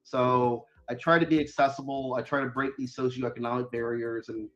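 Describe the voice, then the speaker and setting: Male guest author, casual and rambling, mid-pitched; slightly dull recording. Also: steady tone, brisk, a bit bright. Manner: rambling, chatty, lots of fillers and restarts. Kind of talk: casual interview chat.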